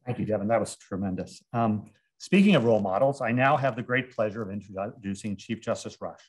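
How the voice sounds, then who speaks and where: A man's voice: on the low side, expressive, brisk, slightly rough. A man formally introducing a guest speaker at a ceremony, reading out her career. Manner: formal, reads credentials, occasional fillers.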